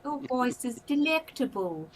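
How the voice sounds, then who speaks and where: A woman's voice: high-pitched, sing-song, unhurried, a little hiss or hum. A woman chatting playfully with friends on a game stream, joking around. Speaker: co-player. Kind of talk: casual gaming chat.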